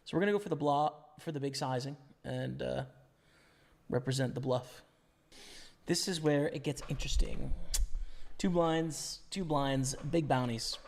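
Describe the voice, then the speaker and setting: A man's voice: medium pitch, normal speed, vocal fry. A young man chatting casually with his stream chat and thinking aloud about poker hands, his voice worn from talking. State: losing his voice. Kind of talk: live-stream commentary.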